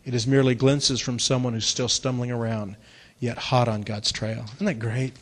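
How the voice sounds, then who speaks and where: A middle-aged man preaching a sermon, moving between loud, urgent exhortation and soft, hushed reading. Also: mid-range voice, sing-song, normal speed, breathy edge. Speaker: pastor.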